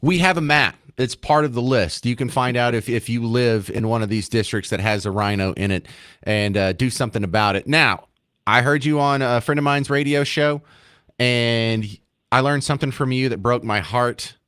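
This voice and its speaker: A man hosting a radio talk show, brisk and lively, his pitch rising when he stresses a point. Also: clear, resonant tone, no room sound. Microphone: studio mic. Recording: dry studio.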